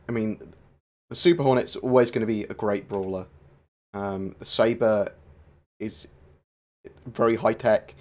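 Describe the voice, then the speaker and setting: A man hosting a gaming channel, casually answering viewer questions on a livestream in a relaxed, rambling way with many filler sounds. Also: on the low side.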